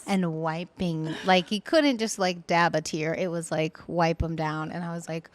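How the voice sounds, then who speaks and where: A woman in her thirties hosting a podcast in casual chat, gushing and excitable, laughing often. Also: on the low side, normal speed, dry recording. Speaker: podcast host.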